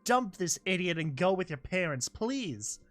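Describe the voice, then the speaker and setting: A narrator voicing a brash young female griffin with a high-pitched bird voice, blunt and scolding. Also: expressive, moderate pace, fairly bright tone, soft background music, close to an everyday voice.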